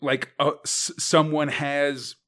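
A man's voice: on the high side, little pitch movement, slow, sharp tone. Chatty man with a raised voice. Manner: rambling, many "like" fillers and restarts, laughs often. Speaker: podcast co-host. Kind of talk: casual chat recapping a comic.

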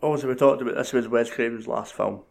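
A man's voice: medium pitch, fairly even intonation, quick pace, gravelly, a little mellow. A man, co-hosting a casual podcast about films, hesitant and often searching for his words. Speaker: podcast co-host. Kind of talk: casual film chat.

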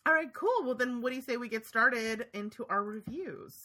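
A woman's voice: fairly high pitch, lively intonation, moderate pace, bright, forceful tone. A woman hosting a podcast in casual chat, gushing and laughing, with plenty of "like" in her speech. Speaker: podcast host.

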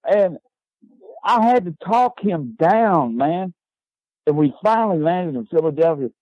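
Older male guest, animated yarn-spinner who ends his lines with "man", slightly high voice, dry close sound. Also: moderate pace, no echo, lo-fi sound. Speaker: guest, former wrestling manager. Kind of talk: animated anecdote telling.

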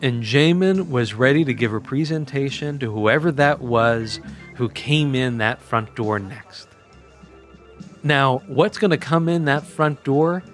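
A man's voice: mid-range voice, unhurried, soft background music. A man telling a first-person story as a podcast host, in a conversational, wry and emphatic way.

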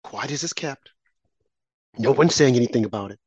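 A woman's voice: rumbling low, animated, normal speed, a little mellow, slightly rough, no room sound. A woman delivering a heated political opinion monologue as a commentator, sarcastic and mocking opponents in a sing-song voice. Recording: dull lo-fi sound.

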